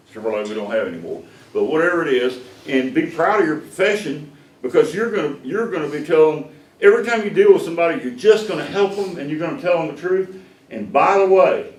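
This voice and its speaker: A man, running a sales class as the owner of a car dealership and telling stories that act out the dialogue. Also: fairly high pitch. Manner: folksy, animated storyteller who acts out dialogue. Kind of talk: storytelling lecture to a class. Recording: echoey room, voice from far off.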